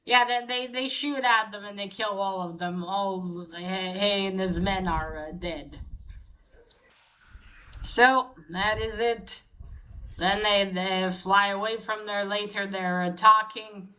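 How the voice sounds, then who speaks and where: A woman casually recapping a comic book plot, halting with many fillers and restarts. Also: mid-range voice, fairly even intonation, bright, forceful tone, rough recording.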